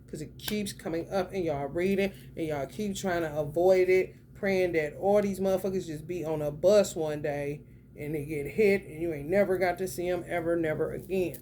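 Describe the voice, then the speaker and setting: A woman's voice: on the low side, a little hiss or hum. Blunt, foul-mouthed woman tarot reader. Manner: blunt, profane, slangy, swings between loud and muttered. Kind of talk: casual spoken tarot reading.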